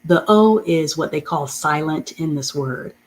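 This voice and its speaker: A woman leads a beginner reading class, her voice low and her pace unhurried. She patiently repeats and spells out each word letter by letter. A faint hiss sits under the recording. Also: low-quality recording. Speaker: reading teacher.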